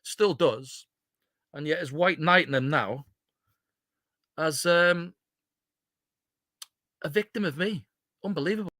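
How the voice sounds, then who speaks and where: A man's voice: on the high side, slow, long pauses, bright, forceful tone, no echo, clean studio sound. A man on a live stream panel, ranting scornfully about a rival. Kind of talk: heated live stream argument.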